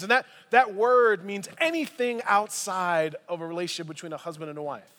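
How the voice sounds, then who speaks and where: Male pastor, high voice, lively conversational sermon with asides, church sanctuary with long reverb. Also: a little fast, few pauses. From United States. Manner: animated, conversational preaching with asides.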